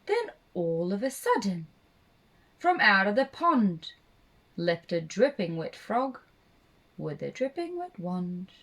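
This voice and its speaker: A woman narrating a rhyming children's story for a puppet show, slow and expressive. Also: mid-range voice. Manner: slow, expressive read-aloud.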